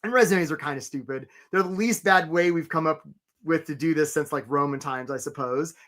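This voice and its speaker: A man's voice: on the high side, fairly quick, fairly bright tone. Upbeat man hosting a live webinar. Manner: chatty and upbeat, addressing viewers by name. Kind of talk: energetic live webinar presentation.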